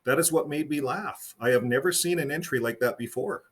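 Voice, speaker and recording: Casting: a man voicing a good-humored angel guide, husky and reassuring, storybook reading. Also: mid-range voice, fairly quick, pitched above the performer's own voice, natural voice. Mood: amused. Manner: laughing, reassuring. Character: amused, kindly male angel guide.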